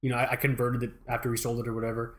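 A man's voice: mid-range voice, monotone, very fast, a bit bright. A man co-hosting a podcast, telling a rambling, profane story in mock fury in casual chat. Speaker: podcast co-host.

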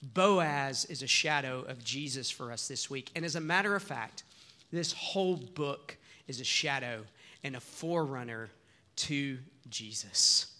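Bright earnest man preaching a sermon. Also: mid-range voice, expressive, a little slow. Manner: earnest, conversational preaching with repeated restarts. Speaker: pastor.

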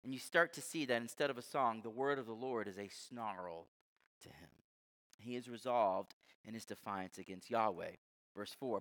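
Bright-voiced male pastor in a reverberant hall. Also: fairly low pitch, normal speed. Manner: conversational, emphatic explaining. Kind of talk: sermon.

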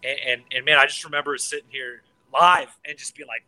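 A man in casual podcast chat, excitable and swearing freely, tripping over his words and restarting often. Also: mid-range voice, brisk, poor audio. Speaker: podcast co-host.

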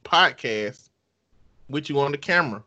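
A man's voice: medium pitch, animated, a little slow, sharp tone. A man hosting a podcast in casual chat, laid-back and joking, often laughing. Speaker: podcast host.

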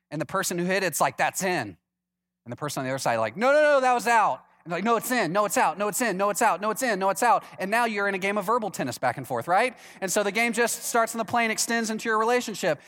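A pastor preaching a sermon in a relaxed, conversational way, putting questions to his congregation. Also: sits high.

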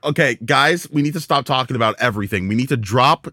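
A young man co-hosting a casual group chat, loud and excitable, swearing and laughing a lot. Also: medium pitch, quick pace, dry recording, studio quality. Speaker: podcast co-host.

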